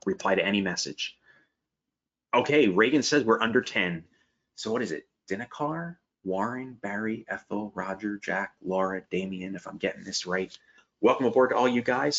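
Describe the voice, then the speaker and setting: A man's voice: on the low side, a bit bright, slightly rough. A man with a slight Pennsylvania Dutch accent hosting a live webinar, chatting upbeat and answering viewer questions. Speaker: webinar host. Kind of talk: live webinar sales pitch and Q&A. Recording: dull lo-fi webinar audio.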